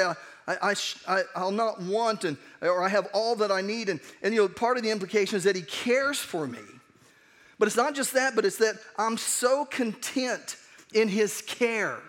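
A man's voice: sits high, moderate pace, fairly bright tone. A man preaching a sermon as pastor, conversational and earnest, often restarting his sentences. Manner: conversational, earnest, with frequent restarts and acted asides.

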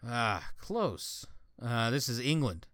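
A man's voice: medium pitch, big pitch swings, slow, a bit bright, no echo, studio quality. A young man hosting a casual podcast, reading news headlines and joking crudely between them. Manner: crude joking, reads headlines aloud with asides. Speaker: podcast host.

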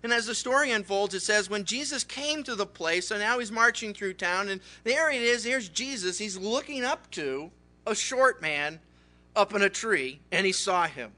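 A man preaching a Bible study sermon, telling the story in a lively way. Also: sits high, normal speed. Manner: animated storytelling, acts out characters. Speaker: pastor.

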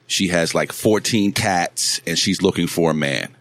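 A man's voice: low voice, a little slow, fairly bright tone, no room sound. A man co-hosting a podcast in casual chat, profane and playful, slipping into silly voices. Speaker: podcast co-host.

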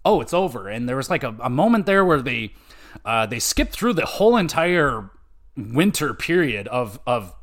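A young man hosting a podcast, rambling excitedly and cursing freely as he reviews a game. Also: mid-range voice, moderate pace. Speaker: podcast host. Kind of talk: casual game review chat.

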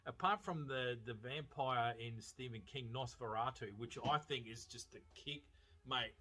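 Bright-voiced man ranting about movies. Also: medium pitch, measured pace. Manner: animated, profane, laughing storyteller. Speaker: film reviewer. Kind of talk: casual spoken movie review.

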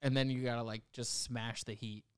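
A young man co-hosting a casual podcast, full of quick jokes and swearing. His voice is smooth and resonant. It is recorded close and dry, with no room sound. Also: mid-range voice, level tone, no echo. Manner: joking, profane, quick banter. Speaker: podcast co-host. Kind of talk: casual chat.

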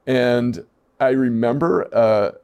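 A middle-aged man, a former high school coach, telling a story on a podcast with rambling, self-mocking humor. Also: takes it slowly, darkish tone, smooth. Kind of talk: casual storytelling chat.

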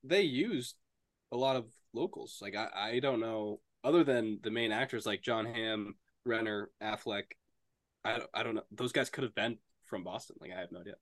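A man's voice: on the low side, normal speed, dry recording, clean studio sound. A man co-hosting a casual movie review podcast, giving blunt, opinionated takes. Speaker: podcast co-host.

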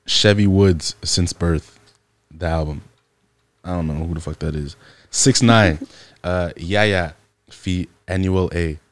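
Casting: male podcast co-host, deep voice, dry close mic, blunt slangy banter. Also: slow pace, long pauses, no room sound. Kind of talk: casual podcast chat.

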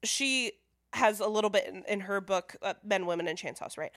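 A woman's voice: mid-range voice, normal speed, a bit bright, no room sound, clean studio sound. A woman co-hosting a casual film podcast, explaining things at length with many "like" and "you know" fillers. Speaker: podcast co-host.

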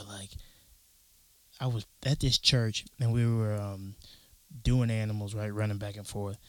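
A young man talking on a casual podcast, telling stories with a lot of swearing, acting out what people said and breaking into sudden loud outbursts. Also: lowish voice, dry recording. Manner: animated, profane storytelling with acted-out quotes and sudden loud outbursts. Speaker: podcast co-host.

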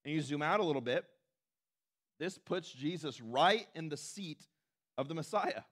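A man's voice: a little high, expressive, normal speed, a bit bright. A man preaching a sermon in a conversational way, with asides to the congregation and acted-out quotes. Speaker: pastor.

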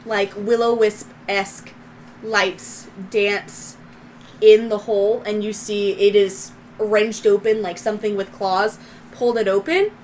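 A woman's voice: medium pitch, flat delivery, a little slow, a little mellow, a little hiss or hum. A woman narrating as game master of a tabletop game, describing scenes in a loose, descriptive way with fillers.

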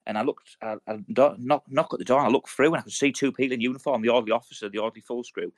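Brisk male podcast co-host, swears freely, acts out quotes. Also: mid-range voice, fairly even intonation. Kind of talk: casual chat.

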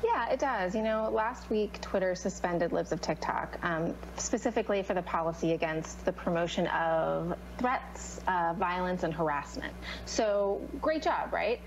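A woman's voice: lowish voice, unhurried, few pauses, rough recording. A woman makes casual, sarcastic remarks on a news panel. A faint hum sits behind her voice.

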